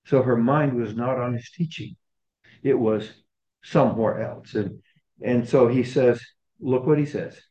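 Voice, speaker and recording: Guy preaching, chatty, keeps restarting, mellow voice, roomy kinda dull recording. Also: medium pitch, measured pace. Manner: conversational, repeats and restarts phrases. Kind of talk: sermon.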